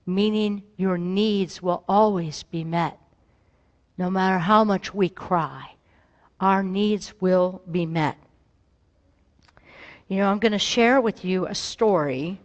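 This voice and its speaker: A woman pastor giving a gentle, reflective sermon and telling a story to her congregation. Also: medium pitch, lively intonation, slow pace, muffled recording. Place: church sanctuary. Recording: long reverb in a hall.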